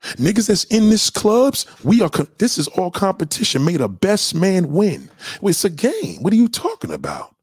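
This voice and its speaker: A man's voice: high-pitched, wildly swooping pitch, normal speed, a little mellow, breathy edge, no echo, clean studio sound. A young adult man hosting a livestream, answering chat questions in a heated, repetitive, slangy, profane rant.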